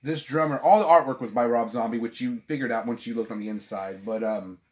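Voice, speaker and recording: A man's voice: mid-range voice, fairly quick. A middle-aged man hosting a vinyl channel, chatting casually from home about albums, rambling, swearing often and restarting his sentences. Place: at home with a dog. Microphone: camera on a tripod.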